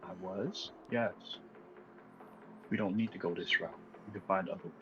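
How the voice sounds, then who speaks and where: Low, calm man on a dull mic. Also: normal speed, music in the background. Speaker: player. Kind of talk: playing a character in a tabletop game.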